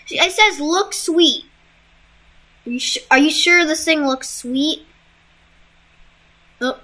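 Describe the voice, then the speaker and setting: A young woman casually commenting on a game she is playing, laughing and reacting out loud. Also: sits high, measured pace. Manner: giggly, exclamatory, reacting out loud. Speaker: gamer.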